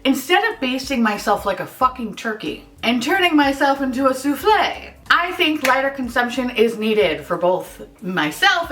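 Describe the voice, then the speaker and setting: At home in her apartment, a beauty vlogger with a high, animated, somewhat bright voice talks at a moderate pace with hardly any pauses, sounding far from the mic. Using a put-on Minnesota accent, she's casual, sarcastic, freely profane, and self-mocking.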